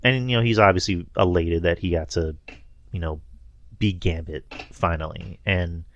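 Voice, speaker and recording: A man's voice: sits low, steady tone, normal speed, dull audio. A man co-hosting a podcast, chatting casually and rambling with lots of fillers and laughs. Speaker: podcast co-host. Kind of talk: casual chat.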